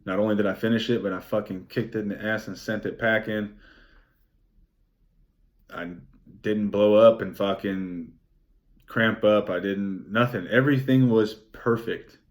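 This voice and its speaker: A young man recapping his race in a vlog, excited and rambling, swearing freely and saying "like" often. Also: fairly low pitch, measured pace, long pauses. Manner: excited, rambling, swears a lot, many "like" fillers. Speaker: vlogger.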